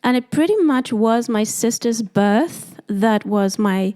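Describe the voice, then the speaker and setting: South African woman, doula guest; lively storyteller who acts out the people she quotes. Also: on the high side, a little slow. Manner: animated, acts out quoted voices. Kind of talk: storytelling interview.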